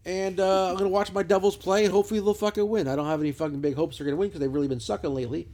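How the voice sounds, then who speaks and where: A man's voice: sits high, fairly even intonation, rapid-fire, a little mellow. A man hosting a casual podcast, a rambling storyteller who swears constantly. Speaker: podcast host. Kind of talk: casual chat. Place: lounge, lying on a couch.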